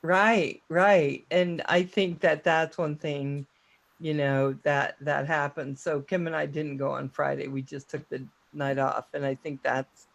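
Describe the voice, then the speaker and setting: High-voiced chatty male host. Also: level tone, a little slow, vocal fry, a bit bright. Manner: rambling, chatty, self-deprecating. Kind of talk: casual online chat show.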